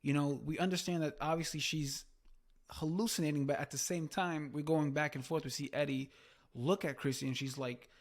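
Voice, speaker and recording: A man's voice: fairly high pitch, steady tone, fairly quick. A man co-hosting a podcast, recapping a show in a rambling, casual way with lots of fillers. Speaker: podcast co-host. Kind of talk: casual review chat.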